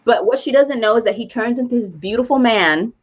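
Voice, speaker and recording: A woman co-hosting a podcast who retells a movie plot in casual chat, animated and laughing as she goes. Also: a little high, brisk, lo-fi sound. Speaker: podcast co-host.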